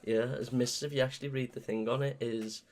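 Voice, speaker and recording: Chatty podcast co-host. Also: male voice, medium pitch, fairly even intonation, quick pace, darkish tone. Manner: chatty, laughs often, jumps in mid-sentence. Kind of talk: casual chat about video games.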